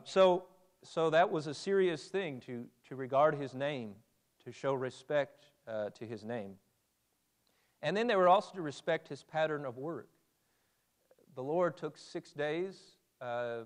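A man with a clear, resonant, mid-range voice preaches a Bible sermon in a conversational way. He reads scripture aloud and puts questions to his audience.

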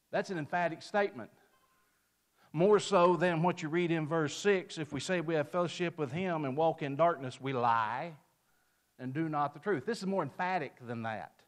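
A man's voice: fairly high pitch, moderate pace. A man giving an emphatic sermon-style Bible lesson, lifting his voice on quoted verses and dropping it at the ends of phrases. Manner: mimics a picky customer in a folksy aside. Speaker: preacher.

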